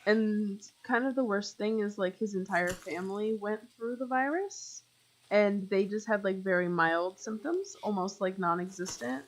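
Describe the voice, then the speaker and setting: A woman's voice: medium pitch, measured pace, slight background noise, poor audio. A young woman live streaming a game, rambling chattily with lots of fillers and talking straight to her viewers. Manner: talks to chat viewers directly. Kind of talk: casual chat while playing.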